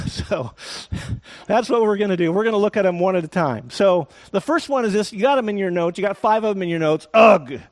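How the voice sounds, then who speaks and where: Man preaching a lively sermon. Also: sits high, fairly quick. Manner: animated storytelling, joking asides. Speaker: pastor.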